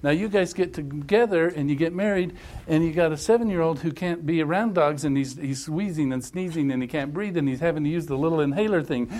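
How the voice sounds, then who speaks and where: A man leading a family workshop, coaching a couple in front of a group through animated, emphatic hypothetical scenarios. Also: on the high side, fairly quick. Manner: repetitive, emphatic phrasing.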